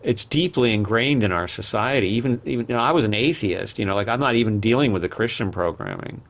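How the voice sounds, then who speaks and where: A podcast guest with a fairly low, creaky voice speaks quickly and expressively. He spins rambling personal stories in casual interview storytelling, candid throughout and full of restarts.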